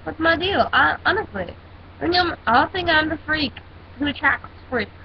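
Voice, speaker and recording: A woman's voice: high voice, animated, normal speed, gravelly. A teenage girl ranting in a casual vlog, telling a story in a sassy, dramatic way. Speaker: vlogger. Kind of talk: casual rant. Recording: dull lo-fi with faint hiss.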